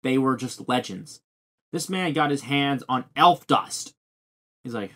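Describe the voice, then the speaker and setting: Guy hosting a podcast, mid-pitched voice, animated chat with quick bursts. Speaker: podcast host. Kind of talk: casual chat.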